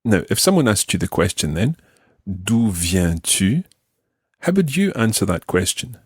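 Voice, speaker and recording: A Scottish man teaching a language lesson, patiently modelling phrases slowly for the learner to repeat. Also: lowish voice, big pitch swings, breathy edge, no echo, clean studio sound. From Scotland. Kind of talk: slow, clear language lesson.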